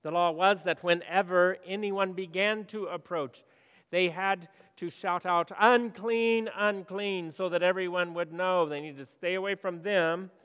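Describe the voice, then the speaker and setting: A male pastor delivers a sermon in a clear, resonant voice that sits a little high for a man. He talks to the congregation conversationally and poses questions, moving from loud to hushed. The long reverb of a church hall follows every word.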